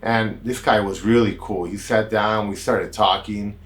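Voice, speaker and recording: A man's voice: lowish voice, measured pace. An American man, a doctor, telling a personal story in a casual, rambling way with plenty of asides. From United States. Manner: relaxed, rambling, with many "kinda" and "you know" asides. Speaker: doctor hosting a health channel.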